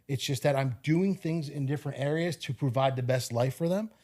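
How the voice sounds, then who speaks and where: A man talking on a podcast, lively and quick, with plenty of fillers as he gives advice. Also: mid-range voice. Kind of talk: casual podcast conversation.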